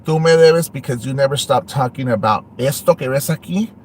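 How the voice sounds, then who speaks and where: A man's voice: medium pitch, fairly quick, a little mellow, a little hiss or hum. A man hosting an online show, ranting and taunting a rival, switching between English and Spanish. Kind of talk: ranting livestream talk.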